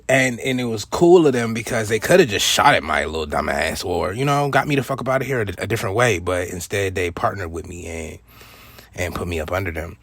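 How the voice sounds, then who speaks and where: A man's voice: low voice, lively intonation, fairly quick, fairly bright tone, no room sound. A man casually telling a personal story in loose street slang, peppered with "you know what I'm saying.". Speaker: storyteller host.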